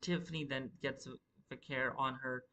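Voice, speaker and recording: A man's voice: mid-range voice, fairly even intonation, moderate pace, sharp tone, low-quality recording. A man giving a rambling, profane live review of a wrestling show, stumbling and restarting his sentences often.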